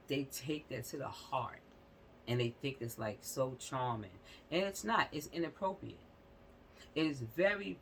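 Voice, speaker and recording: A woman's voice: rumbling low, slight background noise, low-quality recording. A woman hosting a casual commentary vlog, talking bluntly and emphatically, often repeating herself and checking in with "you know what I'm saying". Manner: blunt, uses mild profanity. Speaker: channel host.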